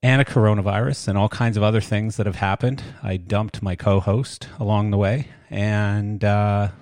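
A man's voice: fairly low pitch, level tone, normal speed, a little mellow, dry recording, studio quality. An older man hosting a podcast in a rambling, self-deprecating, chatty way. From Canada. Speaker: podcast host. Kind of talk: casual podcast chat.

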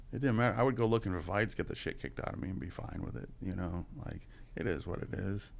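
A man's voice: sits low, fast talker, creaky. A man in his forties, a podcast guest, telling his story in a casual, profane way, full of "you know" and chuckles. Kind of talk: candid storytelling.

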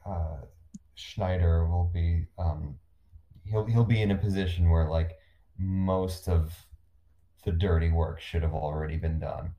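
A man's voice: sits low, steady tone, unhurried, lo-fi sound. A man co-hosting a casual sports podcast, dry and wry, hesitant with fillers. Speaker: podcast co-host.

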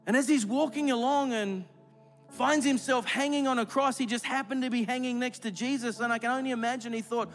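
A man's voice: very high voice, brisk. A man preaching a sermon as pastor in a large church, building to emphatic, repeated phrases and leading a prayer. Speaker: executive pastor. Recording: clear music playing under the voice.

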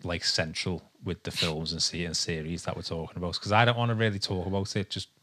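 A man's voice: sits low, fairly even intonation, quick pace, bright, forceful tone. A young man from England co-hosting a podcast in casual chat, rambling and hesitant with lots of ums. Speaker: podcast co-host.

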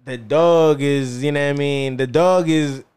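A man's voice: a little high, a little slow, a little mellow, clear, resonant tone. A man hosting a casual podcast chat, rambling and circling back with "you know what I'm saying" as he tells a story. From Philadelphia. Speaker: podcast host. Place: podcast studio.

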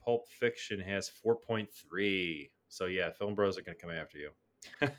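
A man co-hosting a film podcast, talking in a lively, animated way and often restarting his sentences. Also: low voice. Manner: animated, frequent restarts and quick laughs. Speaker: podcast co-host. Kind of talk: casual film discussion.

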